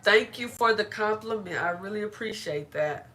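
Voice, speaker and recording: Bright-voiced chatty woman on a live stream. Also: medium pitch, normal speed. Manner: chatty, greets viewers by name; laughs often, playful. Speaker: live-stream hair vlogger. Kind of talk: casual live-stream chat.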